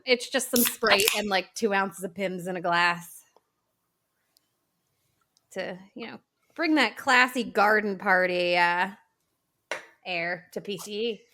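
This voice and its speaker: A woman's voice: a little high, sharp tone. A woman chatting as a podcast guest, bubbly and talkative, saying "like" often. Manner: bubbly, chatty, says "like" a lot. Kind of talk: casual podcast chat.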